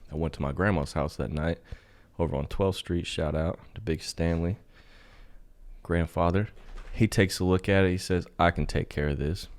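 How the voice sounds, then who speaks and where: A man's voice: low voice, normal speed. A man co-hosting a podcast, telling a rambling, profane story in casual chat and leaning hard on "like". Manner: profane, rambling, heavy use of "like"; animated when telling stories. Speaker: podcast co-host.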